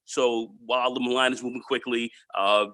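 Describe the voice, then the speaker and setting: A man hosting a podcast who tells a story in a casual, animated way, repeating words and acting out the dialogue. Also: medium pitch, normal speed, clean tone, no room sound. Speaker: podcast host.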